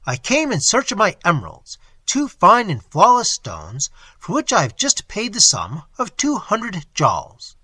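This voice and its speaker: A man's voice: sits high, wildly swooping pitch, unhurried, pushed and bright, breathy edge, dry recording, voice pushed up, exaggerated voice. A man voicing a fat, greedy moneylender who cries out in a frantic, wailing voice. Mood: terrified.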